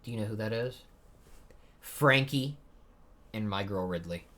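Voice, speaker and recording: A young manga reaction streamer reads a chapter aloud live, rambling casually with chatty asides and fillers. His voice is fairly low and sharp in tone, animated though a little slow.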